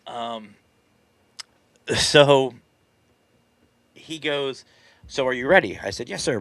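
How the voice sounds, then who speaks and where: A paranormal team leader hosts a live stream, telling a story in a chatty, self-deprecating way and laughing often. His mid-range voice is recorded with no room sound.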